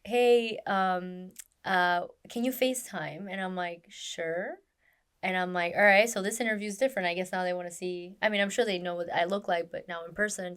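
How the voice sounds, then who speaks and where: This stunt performer's voice sits on the low side, clear and resonant. Recounting her experiences in a relaxed interview, she gets animated, performs the dialogue she quotes, and fills her speech with "um"s and "like"s.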